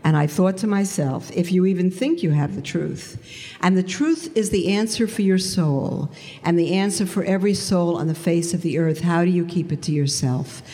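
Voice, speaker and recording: A woman giving a lively personal testimony talk, storytelling with big swings into quoted voices. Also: fairly low pitch, moderate pace. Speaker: speaker giving a conversion testimony. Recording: long hall reverb.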